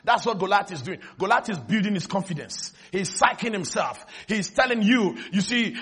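A high, husky-voiced man preaches to his congregation in full flight. His voice is bright and edgy, and he swings from quick storytelling into loud, shouted calls for a response. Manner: animated storytelling, often shouting. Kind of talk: sermon.

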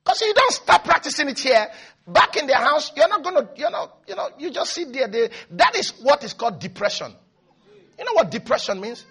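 A man preaching a sermon as pastor, often shouting and calling on the congregation to answer. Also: extremely high pitch, sing-song, fairly quick.

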